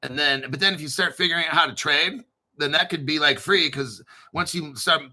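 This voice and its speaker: Brisk and a little high, with a sharp tone, the crypto-channel host swears, cracks jokes, pokes fun at himself and wanders off on tangents as he rambles casually.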